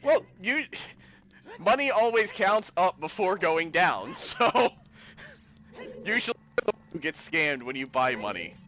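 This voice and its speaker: A man's voice: sits high, sing-song, takes it slowly, bright, forceful tone, highs cut off. A man commentating his own speedrun live, joking and laughing often.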